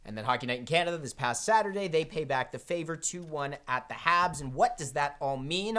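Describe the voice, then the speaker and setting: A man's voice: on the high side, lively intonation, brisk, hardly any pauses, fairly bright tone. A man co-hosting a podcast, chatting casually about sports in a joking, teasing way. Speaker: podcast co-host.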